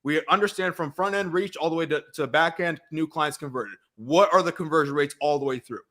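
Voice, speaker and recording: Blunt, bright-voiced man coaching business. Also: on the high side, a little fast. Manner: blunt, profane, repeats himself emphatically. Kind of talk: blunt debate-style conversation.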